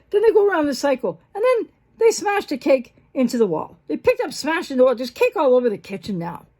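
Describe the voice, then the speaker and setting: A woman who works in mental health hosts a breakup recovery channel, speaking unscripted in a talking-head explainer. She is animated and rambling, full of fillers and constant self-interruptions. When quoting dialogue she acts it out with big jumps in pitch.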